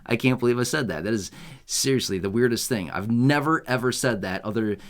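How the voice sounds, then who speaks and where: A man's voice: mid-range voice, fairly quick. Rambling, self-mocking American man. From United States. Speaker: YouTube host. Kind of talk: casual unscripted vlog.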